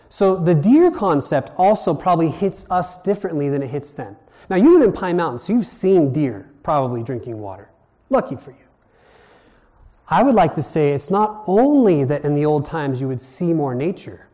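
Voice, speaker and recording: A preacher from Hawaii teaches a sermon conversationally, asking his listeners questions as he explains. His voice is mellow and a little high.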